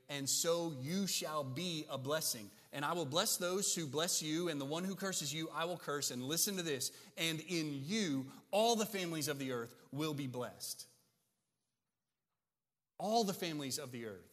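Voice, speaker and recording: A man preaches a sermon with an emphatic delivery and keeps asking his listeners "right?". His voice sits fairly high. The sound carries a long reverb, as in a church sanctuary. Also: normal speed, hardly any pauses, a bit bright. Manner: emphatic, asks the congregation "right?". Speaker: pastor.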